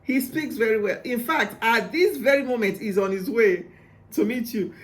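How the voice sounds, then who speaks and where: A male preacher reading a Bible story aloud and commenting on it, laughing often and excitable. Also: very high-pitched, moderate pace.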